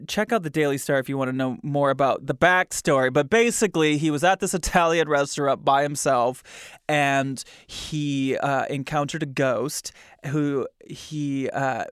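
A man's voice: a little high, clean tone, no echo, clean studio sound. A man hosting a podcast, chatting casually with amused asides and reading out a news item. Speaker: podcast host.

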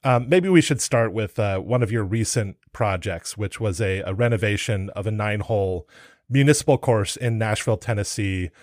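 Host guy, kinda low voice, dry mic, asks steady curious questions. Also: moderate pace, no echo. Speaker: podcast host. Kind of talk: interview questions.

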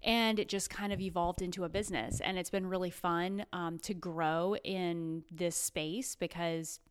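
A woman health coach, a podcast guest, talking in a relaxed, conversational way with frequent fillers. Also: fairly low pitch, measured pace, clear, resonant tone. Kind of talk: casual interview chat. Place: her home, seated on the floor.

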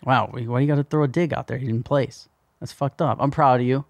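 A man's voice: medium pitch, steady tone, a little fast, dry recording. A man co-hosting a podcast, telling rambling stories in casual chat and swearing freely. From New York. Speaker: podcast co-host.

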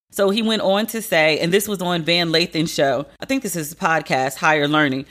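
A woman hosting a podcast, talking casually and bluntly with profanity, her pitch leaping up for emphasis. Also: brisk, few pauses, a bit bright. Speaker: podcast host.

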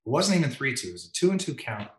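A man's voice: medium pitch, rapid-fire, roomy sound, low-quality recording. A man, a veteran umpire, telling stories in an interview and acting out other people's lines in a raised voice. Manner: animated, acts out quotes with raised voice. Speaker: MLB umpire guest. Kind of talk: storytelling in interview.

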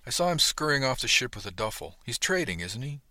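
Man doing a friendly young spacer woman on a run, lightly panting, crisp and bright, dry close audiobook sound. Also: medium pitch, big pitch swings, fast, no room sound, pitched above the performer's own voice. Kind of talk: audiobook dialogue.

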